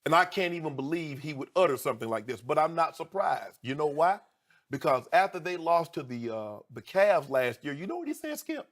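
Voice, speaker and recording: Middle-aged male sports commentator on a studio debate show, a little high-pitched, heated and emphatic, goes from low and measured to loud. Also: very animated. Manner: emphatic, indignant, piles up rhetorical questions.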